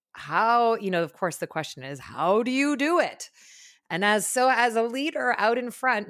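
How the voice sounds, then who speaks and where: A woman's voice: deep voice, a bit bright, dry recording, studio quality. A woman hosting a podcast, chatting effusively with her guest. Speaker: podcast host. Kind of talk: casual interview chat.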